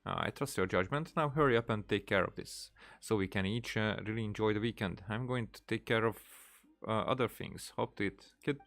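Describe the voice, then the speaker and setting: A man reading out the lines of a hurried, dismissive male office boss in a game. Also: on the low side, gravelly, a bit bright, no echo. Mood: brusque.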